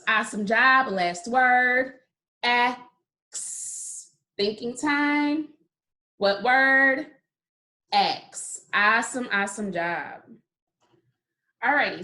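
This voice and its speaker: A woman teaching a phonics lesson to young children, sounding words out slowly and praising often. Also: fairly high pitch, sharp tone. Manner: slow, drawn-out sounding out of words; encouraging, repeated praise. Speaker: kindergarten teacher.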